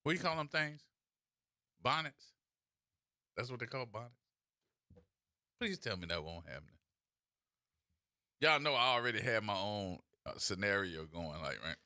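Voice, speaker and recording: A man's voice: lowish voice, sing-song, normal speed, bright, forceful tone, dry recording, clean studio sound. A man hosting a radio talk show, delivering opinionated commentary full of sarcastic rhetorical questions.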